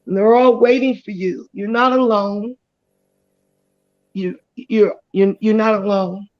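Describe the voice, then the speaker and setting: Woman sharing a heartfelt testimony, slow and halting, with many pauses. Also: medium pitch, fairly even intonation, lo-fi sound. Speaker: guest on live chat. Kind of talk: emotional personal testimony.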